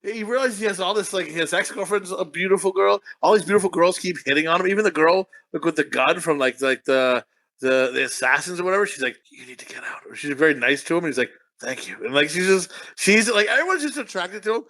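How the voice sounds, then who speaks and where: A man co-hosting a casual podcast chat, talking fast, skipping words and acting out characters' lines as he retells a story. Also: high-pitched, sharp tone. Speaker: podcast co-host.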